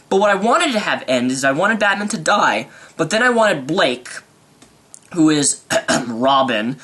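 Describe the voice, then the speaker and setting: A young man rambling excitedly through an unscripted movie review vlog. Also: a little high.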